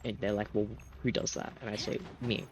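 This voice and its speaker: A man's voice: lowish voice, little pitch movement, fairly quick, a little hiss or hum. A young man telling a rambling storytime story, with lots of fillers and giggles. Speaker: gaming storyteller. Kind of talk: casual storytime while gaming. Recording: game music playing under the voice.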